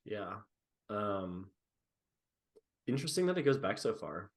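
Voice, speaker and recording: A man's voice: fairly low pitch, sing-song, unhurried. Dry-humored male podcast co-host. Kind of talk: casual podcast chat.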